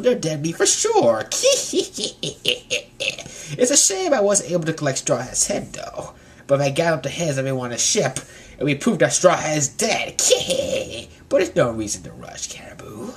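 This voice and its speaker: A man voicing a scheming male pirate villain who gloats in a monologue and drops into whispers. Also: a little high.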